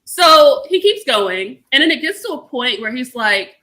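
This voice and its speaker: A woman's voice: sits high, very animated, normal speed, pushed and bright, slight background noise. A young woman chatting casually, animatedly retelling a story with swearing and acted-out quotes. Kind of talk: casual chat.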